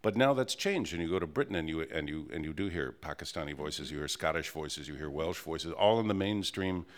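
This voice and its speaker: A man hosting a radio interview show, talking in a measured, reflective way with a few hesitations. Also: extremely low pitch, lively intonation.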